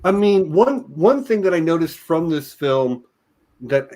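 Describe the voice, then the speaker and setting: Lively, high-voiced man. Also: a little slow. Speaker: film podcast co-host. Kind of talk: casual chat.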